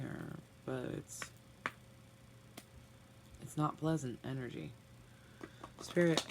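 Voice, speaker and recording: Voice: medium pitch, vocal fry, noisy background. A tarot reader giving a spoken reading to viewers, blunt and emphatic, often sighing and sympathetic.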